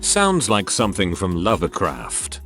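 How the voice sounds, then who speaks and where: A man narrating a series of forum stories in a steady scripted reading. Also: low-pitched, a little slow, music in the background.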